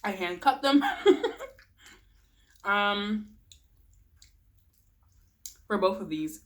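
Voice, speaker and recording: A woman's voice: medium pitch, animated, extremely slow. A young woman chatting casually while eating on camera, rambling, giggling and murmuring as she tastes food. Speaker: vlogger. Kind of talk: casual mukbang chat.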